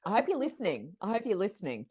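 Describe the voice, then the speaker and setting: A woman guest, a psychic medium, telling stories in a lively conversational way, acting out quoted voices in quick bursts. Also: mid-range voice, husky. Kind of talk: animated storytelling in conversation.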